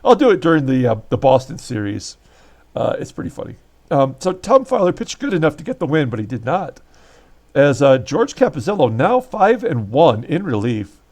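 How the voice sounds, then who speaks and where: A man's voice: fairly high pitch, sing-song, moderate pace, a little mellow. A man hosting a baseball season replay, giving casual commentary and recapping results while thinking aloud with fillers and self-corrections.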